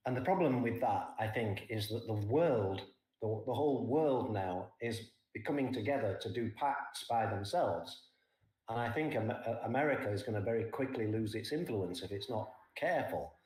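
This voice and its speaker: An older man talks through trading ideas in a relaxed, explanatory way, checking in with his listener after each point. His voice sits at an ordinary pitch, and the recording has a noticeably echoey room around it. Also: moderate pace. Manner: explains points plainly, often tags "right?". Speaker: trading guest. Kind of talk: casual market talk.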